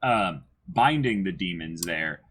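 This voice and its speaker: A man co-hosting an anime reaction show, chatting casually and working through ideas slowly with restarts. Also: low voice, expressive, fairly bright tone. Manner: thoughtful, builds ideas slowly with restarts and fillers.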